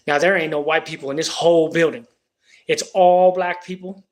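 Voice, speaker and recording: A man's voice: a little high, steady tone, moderate pace. A man telling a personal story on a livestream in a casual, slangy, profane way. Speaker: livestream host.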